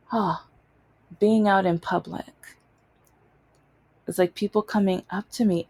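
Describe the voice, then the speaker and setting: A woman telling stories in a casual vlog, exasperated and animated, mocking the things people say to her. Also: lowish voice, gravelly, no room sound. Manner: animated, exasperated retelling with mocking quoted voices. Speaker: vlogger.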